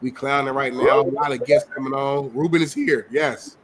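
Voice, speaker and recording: A man's voice: medium pitch, steady tone, normal speed, fairly bright tone, a little hiss or hum. A man co-hosting a podcast in casual chat, teasing his partner and greeting the live chat. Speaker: podcast co-host.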